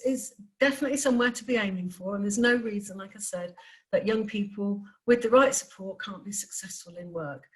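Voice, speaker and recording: A woman from the council giving a presentation to parents, hesitant with many pauses and restarts. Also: medium pitch, poor audio. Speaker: council adviser on special needs education.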